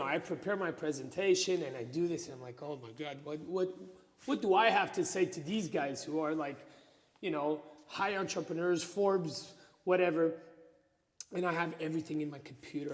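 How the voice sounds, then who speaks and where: A fairly high-voiced man from Portugal tells a story to the camera in a loose, conversational way. He restarts his sentences often and fills the gaps with "uh" and "you know". His voice rings with long reverb from the room. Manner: many fillers and restarts, animated retelling. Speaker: entrepreneur.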